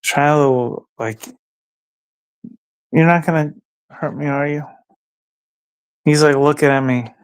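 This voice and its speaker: A man's voice: fairly high pitch, steady tone, takes it slowly, long pauses, clear, resonant tone, no echo. A man hosting a casual livestream, rambling and musing aloud, sometimes talking to his dog. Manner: rambling, talks to his dog between thoughts. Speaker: livestream host.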